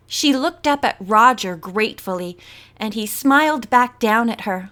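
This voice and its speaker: Slow, measured woman narrator. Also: a little high. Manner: steady, measured storytelling. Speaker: audiobook narrator. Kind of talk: reading a novel aloud.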